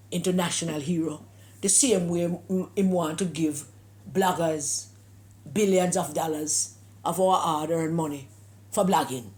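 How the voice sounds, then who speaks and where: A woman's voice: medium pitch, darkish tone. A Jamaican woman from Jamaica giving an emphatic political opinion monologue, with scornful rhetorical questions and slips into patois. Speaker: political commentator.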